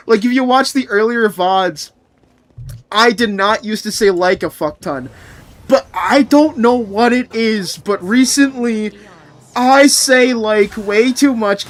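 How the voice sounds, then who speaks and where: A man's voice: high-pitched, a bit bright. A young man streaming, chatting casually with his viewers, answering chat and ranting with frequent laughter and swearing.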